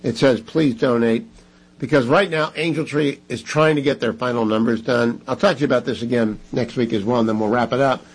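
A man hosting a talk radio show, making brisk, emphatic appeals to listeners with chatty asides. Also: medium pitch, fairly even intonation, slightly rough, poor audio. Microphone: studio microphone.

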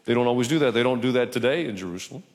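A man's voice: medium pitch, lively intonation, very fast. A male pastor preaching a sermon in church, conversational with humorous asides. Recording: reverberant church hall.

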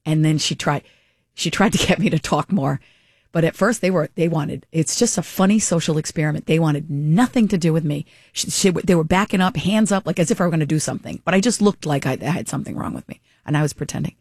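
A woman's voice: sits low, fast talker, darkish tone, no echo, studio quality. A woman hosting a radio talk show, telling a rambling story with lots of asides and reading a live ad. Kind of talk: chatty storytelling and live ad read.

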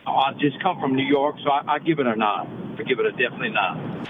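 A man's voice: medium pitch, quick pace, narrow, tinny audio, background noise. A man calling in to a radio show, earnest and grateful. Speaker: caller.

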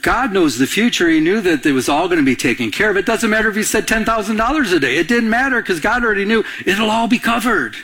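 Husky animated preacher man. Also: high voice, fast, few pauses. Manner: animated, acts out both sides of dialogue. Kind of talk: sermon storytelling.

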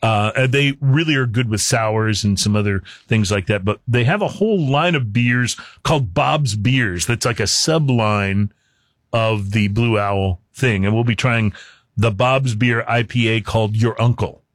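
A man's voice: fairly low pitch, unhurried, dry recording. Guy hosting a beer and cigar show, chatty and joking around, dry mic. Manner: jokey, rambling with many fillers. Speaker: podcast host. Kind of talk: casual chat.

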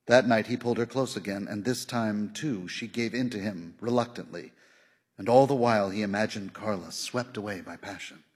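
A man narrating a literary novel in a measured storytelling manner, shifting his voice softly for the characters' dialogue. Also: fairly low pitch, slightly rough, long reverb tail. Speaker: audiobook narrator.

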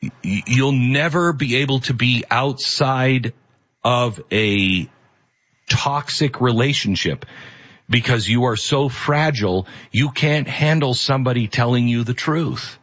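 A man's voice: medium pitch, slow pace, a bit bright, muffled recording. A male host giving earnest, emphatic opinion commentary.

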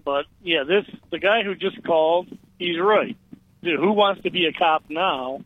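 A man's voice: a little high, a little slow, narrow, tinny audio. A man in his fifties calling a radio show, telling a rambling story and stumbling over his words. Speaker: caller. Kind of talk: phone-in call.

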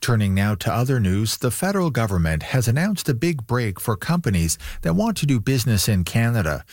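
A man anchoring a radio news bulletin in a measured broadcast delivery. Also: mid-range voice, very animated, darkish tone, no echo, studio quality. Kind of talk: news reading.

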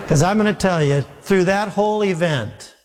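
A male pastor telling a humorous, self-deprecating story in a sermon, with lively acted-out quotes. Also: high-pitched, background noise. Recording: long hall reverb.

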